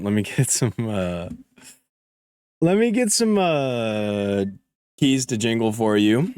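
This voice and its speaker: A man's voice: fairly low pitch, no echo, studio quality. Rambling, joking gaming streamer man. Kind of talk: casual live-stream chat.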